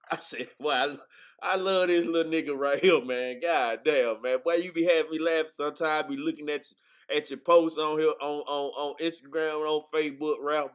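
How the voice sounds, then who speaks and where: A man's voice: fairly high pitch, fairly even intonation, normal speed, a bit bright, clean tone. A man hosting a casual livestream chat, laid-back and laughing easily, ending his lines with "man". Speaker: host.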